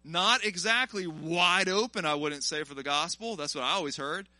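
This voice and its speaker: A man preaching a sermon, telling a story in an animated, emphatic way and speaking directly to the congregation. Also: a little high, moderate pace, no room sound.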